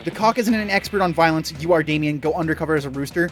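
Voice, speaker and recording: A man's voice: a little high, quick pace, few pauses, fairly bright tone, soft background music. A man commenting on a game, reading the text aloud with a jokey, profane, laughing manner. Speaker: gamer. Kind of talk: let's play commentary.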